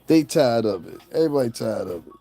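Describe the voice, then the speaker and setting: A man's voice: mid-range voice, sing-song, fast, mellow, no echo, soft background music. A man giving profane, mocking celebrity gossip commentary and laughing at his own jokes.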